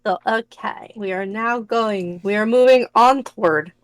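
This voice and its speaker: A woman in casual group chat on a voice call, playful and quick to giggle. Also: medium pitch, dry recording. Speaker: stream co-host.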